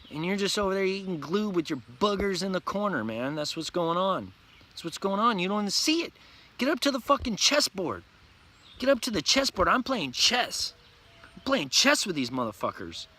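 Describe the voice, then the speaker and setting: A man's voice: high-pitched, bright, forceful tone. A man delivering an intense, profane, repetitive ranting vlog monologue, preaching at his viewers. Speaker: vlogger.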